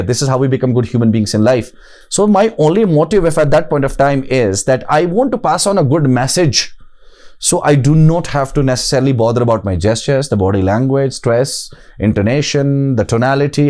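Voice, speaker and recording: A man's voice: mid-range voice, warm tone. A young man giving earnest, emphatic advice in a conversational interview, now and then slipping in Hindi phrases. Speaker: guest speaker.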